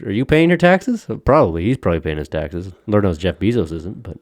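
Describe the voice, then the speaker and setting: A man's voice: low voice, very animated, a little fast, darkish tone, no room sound, clean studio sound. A man co-hosting a casual podcast, ranting with lots of profanity and frequent laughter. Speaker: podcast co-host.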